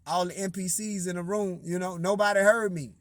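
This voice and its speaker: A man casually telling a personal story as a singer-songwriter, slangy and profane, swinging from loud outbursts to low asides and talking straight to his listeners. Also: steady tone, brisk, dry recording, studio quality.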